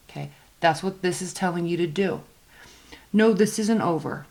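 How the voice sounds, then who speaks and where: A woman's voice: on the low side, normal speed, vocal fry, darkish tone. Casual female tarot reader, chatty and emphatic, stretches key words for stress.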